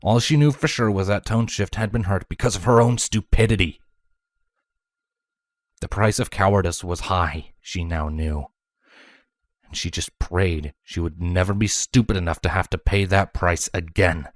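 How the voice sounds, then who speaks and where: A man reading fan fiction aloud as storybook narration, measured and dramatic. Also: low voice, no room sound. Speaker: fanfiction reader.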